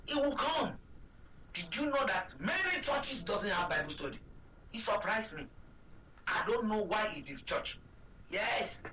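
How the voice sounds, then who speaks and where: A Nigerian-accented man preaches a sermon with a sharp, ringing tone. He drives his points home through repetition and rhetorical questions. He sounds set back from the mic, over a faint hum of background noise. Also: high-pitched, distant mic, poor audio. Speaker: pastor.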